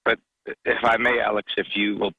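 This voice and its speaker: A man's voice: fairly low pitch, little pitch movement, vocal fry, pushed and bright, breathy edge, no echo, poor audio. A man calling in to a talk radio show, a truck driver speaking earnestly and with passion, stumbling over his words. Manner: earnest, impassioned, halting.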